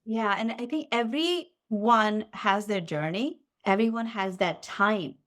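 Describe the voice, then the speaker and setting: A woman in her forties, a podcast guest, telling a personal story in a relaxed, animated way and acting out what she said back then. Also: medium pitch, takes it slowly. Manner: animated, acts out her own past lines. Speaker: podcast guest, physical therapist. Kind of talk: casual storytelling in interview. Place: lived in the Midwest.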